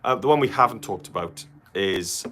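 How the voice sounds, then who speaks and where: Bright-voiced Welsh man. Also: on the low side, expressive. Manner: chatty, jokey, quick asides. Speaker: guitar shop co-host. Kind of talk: casual livestream chat.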